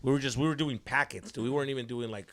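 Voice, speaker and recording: A man, a podcast host telling a story in casual chat, profane and animated, acting out quotes. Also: mid-range voice, very fast. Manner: animated, profane, laughs a lot, acts out quotes.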